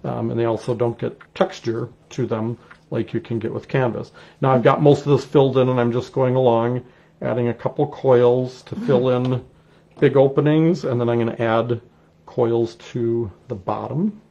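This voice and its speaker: A middle-aged man with a Wisconsin accent walks through a clay project step by step. His voice has a gravelly edge, and he talks in a relaxed, chatty way as he works. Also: medium pitch, moderate pace, highs cut off. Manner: relaxed, chatty, explains while working. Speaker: clay artist teaching a technique. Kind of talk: casual live demonstration.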